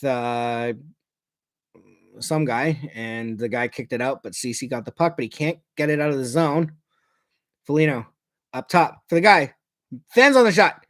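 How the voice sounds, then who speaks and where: A man calls a hockey game as a fan at home, loud and profane when he gets worked up and muttering when he calms down. His voice sits in a middle pitch, recorded dry and close on his own mic. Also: no echo. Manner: ranting, profane, swings from shouting to muttering. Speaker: fan commentator. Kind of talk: fan watch-along commentary. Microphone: personal mic.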